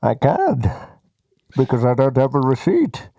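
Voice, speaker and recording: A Welsh man voicing a masked, menacing male villain with a muffled, theatrical, gravelly delivery. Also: mid-range voice, wildly swooping pitch, measured pace, dark tone, no room sound, clean studio sound, exaggerated voice. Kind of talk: comic impression.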